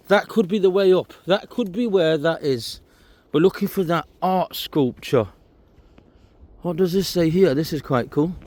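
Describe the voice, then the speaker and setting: Man, slightly high voice, chatty walking vlog, outdoors, handheld camera. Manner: chatty, pointing things out while walking outdoors. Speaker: walking vlogger. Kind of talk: casual walking commentary to camera. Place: outdoors on a disused railway trail.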